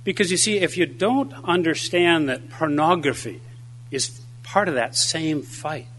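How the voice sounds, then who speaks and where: A man's voice: on the high side, a little slow, slight background noise. An older man giving a conference speech, telling anecdotes and a joke. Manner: storytelling, lively delivery. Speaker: conference speaker.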